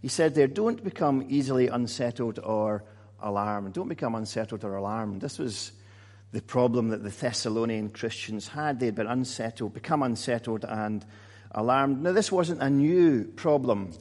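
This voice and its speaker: A man preaching a sermon in a conversational way, often pausing with fillers and repeating words. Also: mid-range voice, a little mellow. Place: church hall. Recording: long hall reverb.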